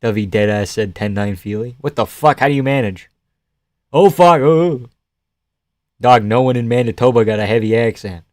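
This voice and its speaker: A young man from Canada doing live fight reaction commentary as a stream host, excitable, swearing and chatting with viewers. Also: fairly low pitch, moderate pace, dry recording, clean studio sound. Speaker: livestream host.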